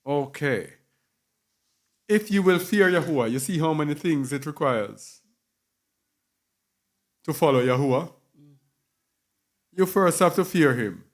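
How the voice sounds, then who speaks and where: Male preacher, slightly high voice, emphatic teaching style with repetition and spelled-out words. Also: expressive, unhurried, pauses often. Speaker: Bible teacher. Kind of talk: sermon teaching.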